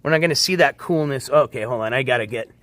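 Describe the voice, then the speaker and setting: A man's voice: mid-range voice, quick pace, fairly bright tone, no echo. A man hosting a casual livestream outdoors by a backyard pool at night on a handheld phone, talking in a laid-back, rambling way with frequent chuckles. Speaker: livestream host.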